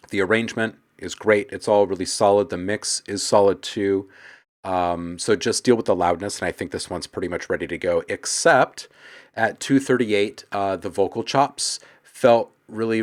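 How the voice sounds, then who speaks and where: A man hosting a live stream, giving casual, frank feedback on listeners' music in a coaching tone, with plenty of fillers. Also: deep voice.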